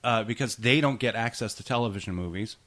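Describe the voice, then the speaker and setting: A man's voice: on the low side, fast, fairly bright tone. A man co-hosting a podcast in casual chat, rambling through film trivia with many restarts. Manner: chatty, rambling, tosses in goofy impressions. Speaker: podcast co-host.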